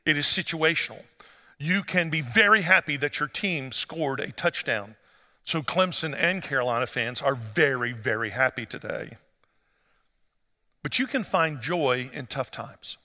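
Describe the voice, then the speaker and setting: A pastor preaches in a large church hall, his slightly high, bright voice ringing out with a long reverb. He moves from easy, conversational storytelling to animated emphasis. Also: unhurried. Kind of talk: sermon.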